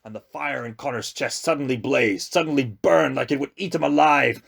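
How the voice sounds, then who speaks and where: A man narrating a novel aloud with slow, expressive storytelling. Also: mid-range voice, gravelly, husky. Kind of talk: audiobook reading.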